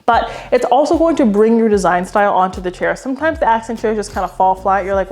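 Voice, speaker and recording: Fast-talking animated woman vlogger. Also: medium pitch. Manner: animated, playful, slangy, talks straight to camera. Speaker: home decor host. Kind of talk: chatty design tips vlog.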